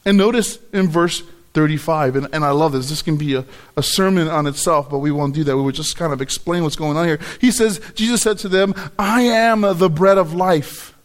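A man delivers a sermon in a fairly high voice. He is emphatic, often repeating words and slowing to stress key phrases as he explains scripture. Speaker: preacher.

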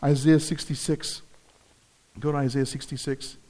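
Man, pastor, sermon, high-pitched, earnest, repetitive emphatic phrasing. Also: level tone, normal speed, a little mellow.

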